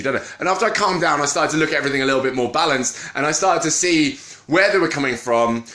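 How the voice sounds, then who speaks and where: Brief: man, casual live-stream vlogger, bright, slightly high voice, roomy echo. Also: fast talker, few pauses. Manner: animated, greets viewers mid-talk, trails off and restarts. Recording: echoey room.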